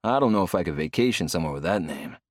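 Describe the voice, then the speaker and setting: Narrator as grumbly joking hockey guy, deep, close dry sound. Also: lively intonation, racing, dry recording. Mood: grumbling. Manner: grumbling, jokey. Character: grumbling young male hockey player.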